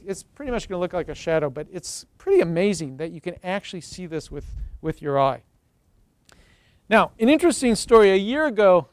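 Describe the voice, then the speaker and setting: A middle-aged man lectures on chemistry with real enthusiasm, talking straight to the room and slipping into stories. His voice sits high for a man and comes through smooth and resonant. The sound is close and dry, with little echo. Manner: enthusiastic, storytelling, addresses the audience directly. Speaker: chemistry professor giving a seminar. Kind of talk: university lecture.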